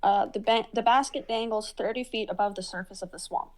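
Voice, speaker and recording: A woman narrating a tabletop role-playing game as game master, descriptive and halting with fillers. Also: mid-range voice, rough recording.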